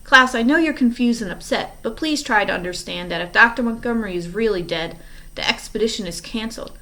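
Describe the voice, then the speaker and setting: A woman's voice: fairly high pitch, fairly quick, bright, forceful tone. A woman reading aloud, voicing a fussy, formal middle-aged banker who misses what is going on.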